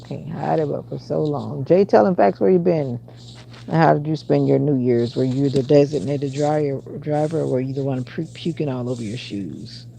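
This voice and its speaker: A woman's voice: a bass voice, fairly even intonation, moderate pace, creaky, hardly any pauses, mellow, slight background noise. A woman hosting a casual livestream, chatting and answering viewer comments aloud. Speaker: livestream host.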